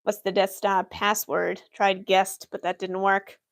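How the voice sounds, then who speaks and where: A young woman plays an Imperial office worker on a livestream, taking chat questions in character and answering with dry, matter-of-fact humor. Her mid-range delivery is flat and unhurried.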